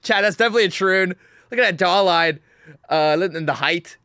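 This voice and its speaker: A young man hosting a livestream, reacting to clips in an animated, mocking way, talking to his chat and laughing often. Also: sits high, brisk, smooth, dry recording, clean studio sound. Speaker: livestream host.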